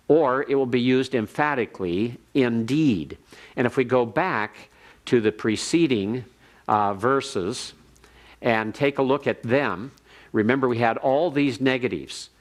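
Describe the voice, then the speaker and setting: A man lecturing on Hebrew grammar to a class, explaining step by step and reading phrases slowly for the students to repeat. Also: mid-range voice. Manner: methodical, reads Hebrew slowly for repetition.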